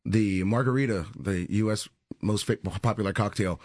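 A man with a booming voice, a guest on a radio show explaining a liqueur and its history. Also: normal speed, dry recording, clean studio sound. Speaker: spirits brand educator.

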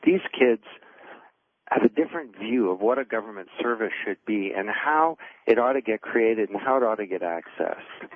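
A man guest author telling an anecdote in an animated way, acting out the people he quotes. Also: lowish voice, normal speed, no echo. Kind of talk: anecdotal storytelling. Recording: tinny phone line.

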